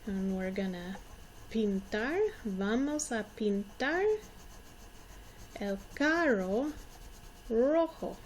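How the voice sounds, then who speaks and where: Slow, patient woman teacher in her forties. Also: mid-range voice, lively intonation, a little hiss or hum. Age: 40s. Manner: encouraging, repeats words for children to echo. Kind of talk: slow, patient classroom instruction.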